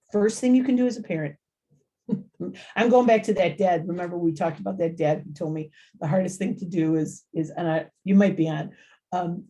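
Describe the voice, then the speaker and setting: Animated woman giving a parenting talk. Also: lowish voice. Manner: animated, acts out quoted voices, repeats phrases. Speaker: family engagement speaker. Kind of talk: informal parent workshop talk.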